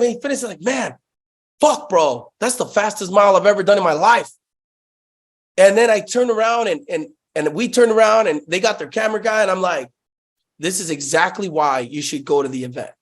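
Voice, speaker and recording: Hyped, swearing salesman, high voice. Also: quick pace. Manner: profane, hyped storytelling, lots of "bro". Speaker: guest, sales company founder. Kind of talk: casual podcast interview.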